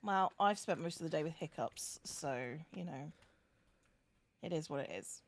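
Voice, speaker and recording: A woman's voice: sits low, lively intonation. A woman chatting casually on a voice call, reassuring and playful, often restarting her sentences. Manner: reassuring, playful, talks in quick bursts with restarts. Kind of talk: casual chat.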